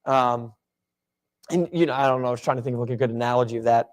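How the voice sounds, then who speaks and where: A man's voice: mid-range voice, fast. A man leading a casual Bible class discussion in a church classroom, talking in a loose, rambling way with many fillers and restarts.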